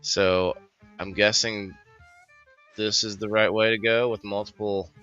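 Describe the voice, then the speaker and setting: A deep-voiced man hosting a casual news chat, joking around and rambling between items. His voice is bright and forceful, and the recording is a little dull, with faint music underneath. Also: flat delivery, a little slow. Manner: jokey, rambling, puts on silly accents. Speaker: host.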